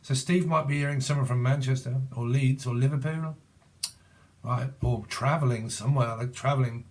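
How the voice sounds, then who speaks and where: A man's voice: mid-range voice, fairly even intonation, moderate pace, darkish tone. A British man in his forties giving a casual, rambling tarot reading, joking, swearing and punning as he goes. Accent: British English. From Britain. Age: 40s. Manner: rambling, jokey, free-associating wordplay; laughs often and swears casually. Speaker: tarot reader.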